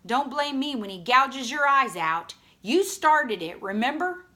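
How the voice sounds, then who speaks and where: A woman's voice: fairly high pitch, very animated, moderate pace, pushed and bright, voice pushed up. A woman reading aloud and voicing a stubborn, boastful young boy with an insistent drawl.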